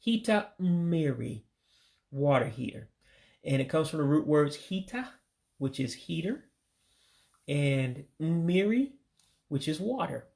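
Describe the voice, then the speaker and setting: A man from the United States teaching household vocabulary in a casual lesson, patiently repeating each word slowly and closing with religious blessings. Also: a little high, sing-song, gravelly, darkish tone. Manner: religious sign-offs. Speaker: language learner teaching vocabulary.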